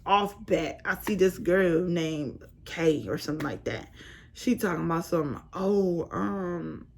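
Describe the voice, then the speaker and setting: A young woman casually telling a storytime vlog with animated, slangy phrasing. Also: lowish voice, measured pace, gravelly, a little hiss or hum. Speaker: vlogger.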